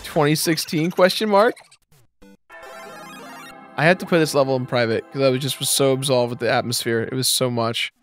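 A medium-pitched man in his twenties, co-hosting a gameplay video, tells a rambling story at normal speed, pausing often. He mixes in offhand commentary and laughs at his own punchlines while game music plays faintly behind him.

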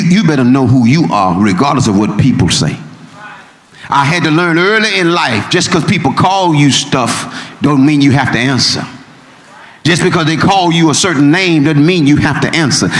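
A male pastor preaches in a slightly higher voice, building from steady teaching up to ringing, shouted points. His words carry through a roomy church with a long, lingering reverb. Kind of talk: sermon. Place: church sanctuary.

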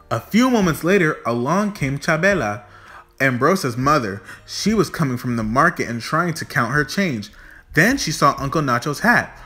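A man reading a children's picture book aloud in a friendly, clear way. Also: mid-range voice, animated, moderate pace, pushed and bright, faint music behind. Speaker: storybook reader.

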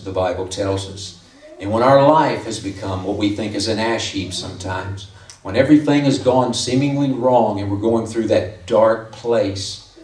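A man's voice: lowish voice, a little mellow. A man preaching a conversational sermon as pastor, lifting his voice to stress key points. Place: church sanctuary. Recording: echoey room from far off.

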